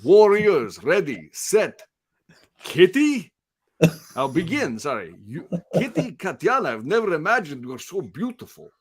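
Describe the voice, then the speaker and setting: A man's voice: a little high, wildly swooping pitch, a little slow, slightly rough, voice pushed up, full character voice. A man voicing a formal, courtly young male giant in a put-on Russian accent while reading comic panels.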